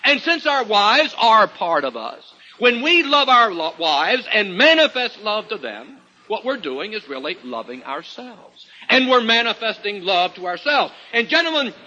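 A man's voice: high voice, sing-song, normal speed, bright, forceful tone. A man preaching a sermon to a congregation, with emphatic rising and falling delivery. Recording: lo-fi recording with long hall reverb.

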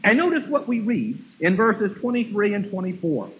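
A man's voice: high-pitched, sing-song, moderate pace, narrow, tinny audio. A man preaching a sermon emphatically, asking his listeners rhetorical questions.

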